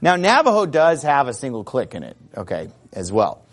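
A man giving a chatty, informal lecture to a class, animated and fond of imitating sounds. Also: mid-range voice, normal speed. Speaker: teacher. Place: Arizona.

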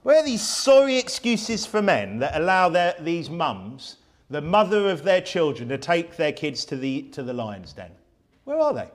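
Fiery high-voiced preacher. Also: male voice, very animated, normal speed. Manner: emphatic, fiery, full of rhetorical questions. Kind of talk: sermon.

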